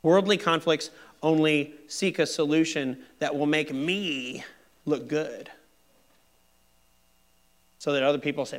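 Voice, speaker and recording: A man's voice: on the high side, fairly even intonation, unhurried, pauses often. A middle-aged man pastor giving a sermon in a candid, self-deprecating, conversational way.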